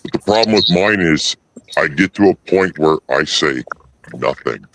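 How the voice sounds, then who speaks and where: A man in casual livestream chat, telling a story in a blunt, profane, halting way. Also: extremely low pitch, animated, background noise. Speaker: host.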